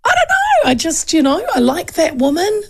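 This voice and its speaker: A woman voicing an undecided young woman hairdresser who sounds high, excited and unsure. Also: normal speed, heavily acted. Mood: flustered.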